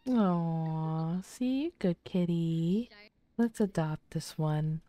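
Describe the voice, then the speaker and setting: Soft, slow-talking woman. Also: on the low side. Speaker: let's play host. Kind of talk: casual game commentary.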